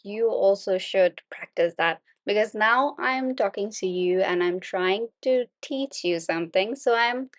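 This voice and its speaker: Slow, patient woman teaching speaking. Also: medium pitch, no echo. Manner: steady, continuous explaining, polite and patient. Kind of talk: unscripted spoken lesson.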